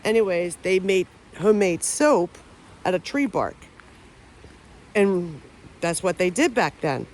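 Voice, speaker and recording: A very animated woman with a voice on the low side and a slightly mellow quality speaks at a moderate pace. As a paranormal vlogger among the trees, she rambles casually to the camera, often hesitating and restarting sentences.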